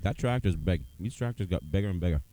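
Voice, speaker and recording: A man's voice: low voice, lively intonation, fast talker, dark tone. A man on a headset mic co-hosting casual, profane banter at a demolition derby, dry and full of slang. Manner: dry, rambling, swears freely, drawls slang like ain't. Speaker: co-host, commentator.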